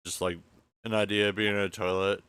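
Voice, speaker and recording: Rambling, swearing low-voiced man. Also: little pitch movement, fairly quick, fairly bright tone, smooth, no room sound. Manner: rambling, stammering, swears a lot, laughs at own jokes. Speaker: podcast host. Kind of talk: casual late-night chat. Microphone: close mic.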